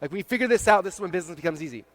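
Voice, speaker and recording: Brief: middle-aged male keynote speaker, rapid, pitched a bit high, chatty and motivational, dry close sound. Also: dry recording. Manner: energetic, conversational, many fillers and "okay?" checks. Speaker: keynote speaker at a marketing event. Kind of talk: motivational stage talk. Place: event stage before a live audience.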